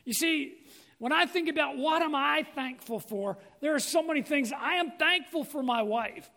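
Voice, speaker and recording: A man's voice: extremely high pitch, moderate pace, gravelly, pushed and bright. A man preaching a sermon as pastor, earnest and asking his congregation questions.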